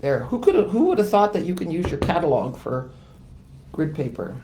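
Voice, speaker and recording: Woman, low voice, live crafting tutorial host, chatty, self-deprecating, faint background noise. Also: very animated, normal speed, warm tone. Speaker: stamping demonstrator and channel host.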